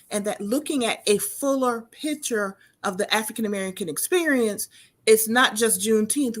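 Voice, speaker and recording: A woman hosts a relaxed conversational interview, her voice sitting at an ordinary middle pitch. She talks in a chatty, personal way and often restarts her sentences mid-thought. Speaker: host.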